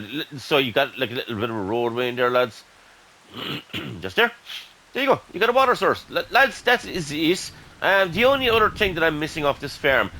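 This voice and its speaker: An Irish man giving casual, excitable gameplay commentary and chatting to his viewers as "lads". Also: medium pitch, rough recording. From Ireland. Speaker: gaming YouTuber.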